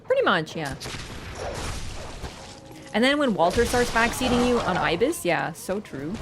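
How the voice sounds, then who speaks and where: A young woman streamer giving chatty, excitable gameplay commentary, swearing and laughing often. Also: medium pitch, a little slow, pauses often, very noisy.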